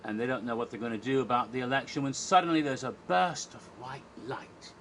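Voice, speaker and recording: This casual narrated recap comes from a theme park event historian who remembers a live show with rambling enthusiasm and plenty of fillers and restarts. His voice is medium-pitched, fairly even, brisk, and a bit bright, with slight background noise.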